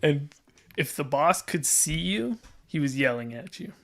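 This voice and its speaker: A man with a fairly high voice and a gravelly, creaky edge, talking as a podcast guest. He tells his story casually, rambling through filler words and restarts. He often laughs mid-sentence. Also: animated, unhurried, fairly bright tone.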